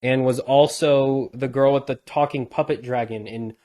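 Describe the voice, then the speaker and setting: A man's voice: mid-range voice, steady tone, normal speed, dark tone. A young man co-hosting a podcast, chatting casually and joking in an easygoing way. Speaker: podcast co-host. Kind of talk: casual chat.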